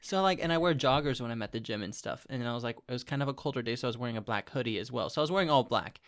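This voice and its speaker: A young man co-hosts a casual podcast, spinning animated stories and slipping into voices when he quotes people. His voice sits in an ordinary middle register. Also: mid-range voice, racing. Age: young adult. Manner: animated storytelling, quoting people in put-on voices. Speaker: podcast co-host. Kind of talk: casual chat.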